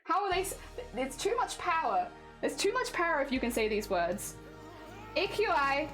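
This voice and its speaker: A woman's voice: sits high, sing-song, moderate pace, a bit bright, soft background music. A young woman streaming casually, chatting and giggling with her viewers while she crafts at home. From Britain. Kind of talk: casual live-stream chat.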